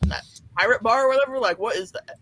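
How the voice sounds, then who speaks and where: A man's voice: very high voice, fast talker, fairly bright tone. A man hosting a live online interview, asking loose, jokey questions full of fillers. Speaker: interview host. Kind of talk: casual live-stream interview.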